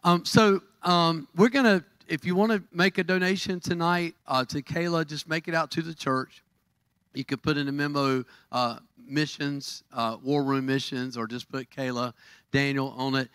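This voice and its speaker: Southern American pastor, rambling and halting. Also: male voice, a little high, steady tone, a bit bright, clear, resonant tone, no echo. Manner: rambling, halting with many fillers. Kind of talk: church service announcements and prayer.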